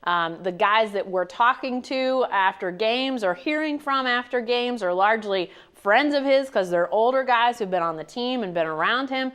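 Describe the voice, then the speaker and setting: A woman's voice: fairly high pitch, animated, normal speed, hardly any pauses, a bit bright, clean tone. A woman co-hosting a casual sports talk show, reading listener questions and answering in a conversational way.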